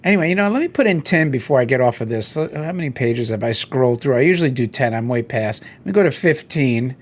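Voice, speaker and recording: Browsing toy listings during a solo chat, a middle-aged host rambles and spins lively anecdotes, acting out other people's voices. His mid-range voice moves quickly.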